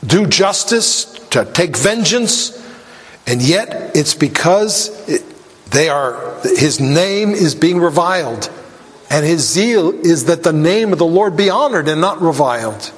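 A man preaching a sermon in a high, measured voice that takes its time over every phrase. He grows emphatic, and his voice lifts when he reads scripture aloud. The sound rings with a long hall reverb. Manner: deliberate, emphatic with rising intensity on quoted scripture.

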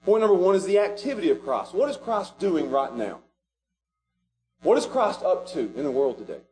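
A man preaching a sermon as pastor, animated and rising to shouts at the high points. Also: normal speed.

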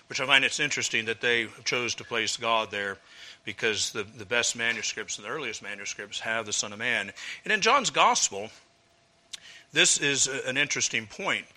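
A man's voice: mid-range voice, sharp tone. A man preaching an expository sermon in an earnest teaching tone, asking rhetorical questions.

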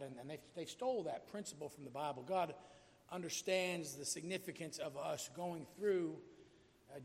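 A man's voice: a little high, in a large hall. A man preaching a sermon, talking casually to the congregation and rising to emphatic peaks. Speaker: pastor.

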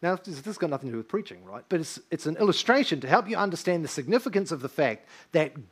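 A man's voice: on the high side, big pitch swings, fast, hardly any pauses, slightly rough. Earnest, emphatic man preaching a sermon. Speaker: pastor.

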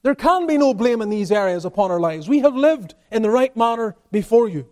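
Male pastor, high voice, emphatic expository preaching in church. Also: big pitch swings, a little fast, darkish tone. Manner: emphatic preaching with rising and falling intensity. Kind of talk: expository sermon.

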